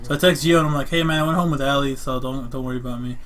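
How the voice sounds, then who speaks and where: A man's voice: medium pitch, rapid-fire. A young man in casual chat with friends, telling stories and acting out what his friends said. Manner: animated storyteller acting out friends' lines. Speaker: podcast regular.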